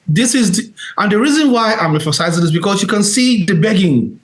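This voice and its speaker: A man's voice: high-pitched, very animated, a little fast. A man hosting, giving earnest, emphatic commentary on video clips and repeating his points. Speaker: host. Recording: roomy echo.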